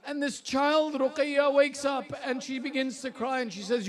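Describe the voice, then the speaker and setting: A man's voice: very high voice, level tone, moderate pace, hardly any pauses. A male preacher reciting a mournful, elegiac sermon that swells into impassioned cries.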